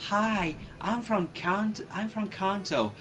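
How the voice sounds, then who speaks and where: A man's voice: high-pitched, slow pace, noisy background. A man putting on a mock Scottish accent to parody a brash young girl trainer, in an exaggerated squealing way. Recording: game music underneath. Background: game music.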